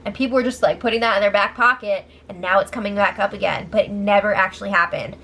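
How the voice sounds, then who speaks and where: A woman's voice: medium pitch, fast talker, vocal fry, fairly bright tone. A woman hosting a casual reality-TV recap, with sarcastic, incredulous asides. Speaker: show recap host.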